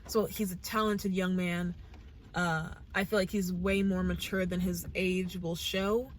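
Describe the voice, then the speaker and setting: Young American woman, reaction-channel host, casual and enthusiastic, thinks out loud; slight background hiss. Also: on the low side, level tone, a little slow. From United States. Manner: earnest, gushing, thinks aloud with restarts. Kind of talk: casual talk to camera.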